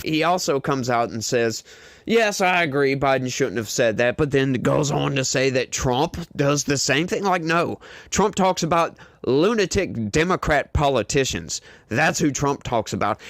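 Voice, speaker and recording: A man's voice: medium pitch, a bit bright, dry recording. A man hosting a news commentary channel, reacting bluntly and dismissively to a debate clip.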